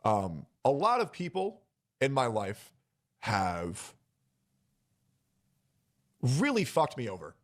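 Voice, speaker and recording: A man speaking to his stream audience, nervous and emotional, stopping often and filling gaps with ums. His pitch sits in an ordinary male middle range. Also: wildly swooping pitch, a bit bright. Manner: hesitant, emotional, many pauses and fillers. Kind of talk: personal announcement on stream.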